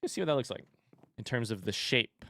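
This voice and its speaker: A man's voice: mid-range voice, expressive, a little fast, vocal fry, bright, forceful tone, no room sound. A man streaming a building game, thinking aloud, counting under his breath and trading dry sarcastic jokes with his chat. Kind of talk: casual gameplay commentary.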